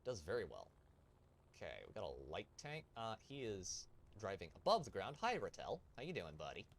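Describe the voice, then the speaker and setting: Male gamer host, casual commentary, game sounds clearly underneath. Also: fairly low pitch, huge pitch swings, normal speed, slight background noise. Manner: chatty, jokey asides to chat. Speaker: streamer. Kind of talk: live gameplay commentary.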